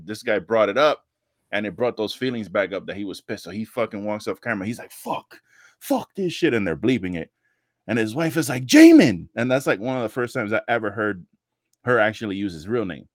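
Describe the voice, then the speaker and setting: A man on a casual wrestling podcast, telling animated stories, swearing freely and acting out the people he quotes. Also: on the low side, dry recording, clean studio sound. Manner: animated storytelling, heavy swearing, acts out quotes.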